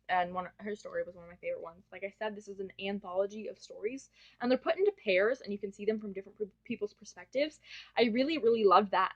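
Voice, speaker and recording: A young woman chatting through a casual book review, gushing and often breaking off to correct herself. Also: mid-range voice. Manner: gushing, chatty, self-interrupting. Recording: dull lo-fi home recording.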